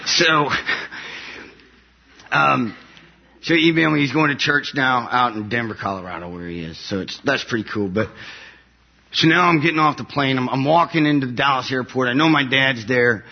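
Soldier telling his story to an audience: an animated, laughing man with a husky voice, recorded a little muffled. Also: mid-range voice, normal speed.

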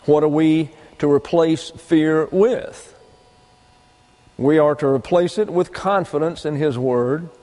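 A man with a fairly high voice preaches a doctrinal sermon in an emphatic, repetitive teaching style. He drives points home with folksy trail talk. The sound rings with a long reverb from a large church hall. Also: darkish tone. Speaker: pastor.

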